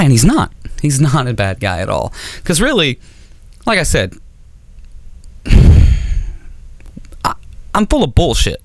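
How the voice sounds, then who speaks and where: A man's voice: medium pitch, big pitch swings, normal speed, pauses often, no echo. A man doing a stand-up set on stage, rambling and self-mocking with stammering restarts. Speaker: stand-up comedian. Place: comedy auditorium stage.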